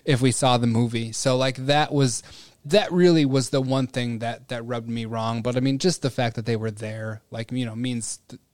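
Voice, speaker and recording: A man's voice: mid-range voice, moderate pace, no echo. A man in his middle register rambles through a casual podcast chat, dropping swear words and trailing off mid-thought. The sound is dry and close, with no room around it. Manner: animated, rambling, swears freely. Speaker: podcast co-host.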